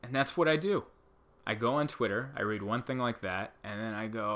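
Guy rambling a comedy bit, exasperated, mid-pitch voice, keeps squeaking up into mock outrage. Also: brisk, fairly bright tone. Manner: exasperated, rambling, jumps into high mock outbursts. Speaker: comedian host. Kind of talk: casual comedic monologue.

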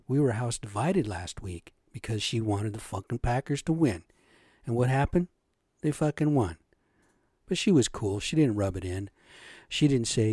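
A man's voice: medium pitch, warm tone, no room sound, studio quality. A man ranting casually to his viewers, swearing a lot and tagging "right?" onto his points. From Native American. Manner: profane, agitated, keeps asking "right?". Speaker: vlogger. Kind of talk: casual rant to camera.

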